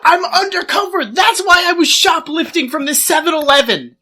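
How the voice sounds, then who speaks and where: A woman's voice: extremely high pitch, animated, normal speed, voice pushed up, exaggerated voice. A woman playing a panicked man with a Boston accent who insists he is an undercover cop. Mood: desperate pleading. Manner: shouting, pleading.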